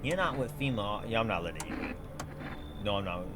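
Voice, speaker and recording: A young man giving excitable let's play commentary, swinging between yelling and mumbling. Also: on the low side, fairly quick. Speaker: gaming YouTuber.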